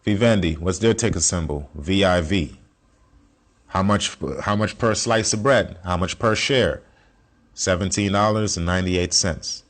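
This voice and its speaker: A man's voice: low-pitched, unhurried. Blunt, slangy man teaching. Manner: blunt, slangy, profane, repeats points. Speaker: self-taught investing teacher. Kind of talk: casual screen-share lesson.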